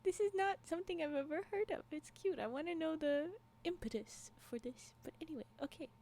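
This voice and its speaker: A woman streamer chats casually and reads a story aloud, giggling often and reacting to chat with exclamations. Her voice is high-pitched, expressive and creaky with a darkish tone, and she speaks a little fast.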